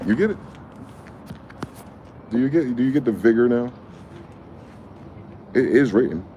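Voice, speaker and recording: A man with a fairly low voice delivers a heated vlog monologue, reading passages aloud and then cutting in with profane, confrontational questions. His tone is angry throughout. Faint vehicle noise sits behind him. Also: dark tone. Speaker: vlogger.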